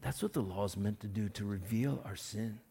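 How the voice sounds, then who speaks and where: A male pastor giving a conversational sermon, full of folksy everyday illustrations and joking asides, sometimes getting loud as he acts out scenes. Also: on the low side, moderate pace, gravelly, slightly rough. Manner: loud bursts when acting out scenes.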